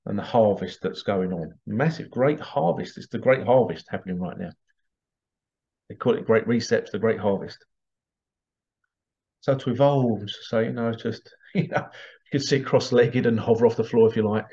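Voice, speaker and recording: A man's voice: on the low side, normal speed, dark tone. A man talking in a rambling, casual monologue, chuckling now and then. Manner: rambling, chuckling, acts out bits in funny voices. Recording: slightly dull lo-fi audio.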